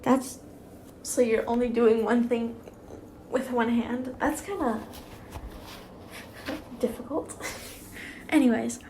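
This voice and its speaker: A woman's voice: a little high, takes it slowly, long pauses, warm tone, a little hiss or hum. A woman reading fan fiction aloud, breaking off into rambling, giggly asides and restarts. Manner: rambling, self-interrupting, giggly. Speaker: YouTube fan fiction reader. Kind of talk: casual read-aloud with chatty asides.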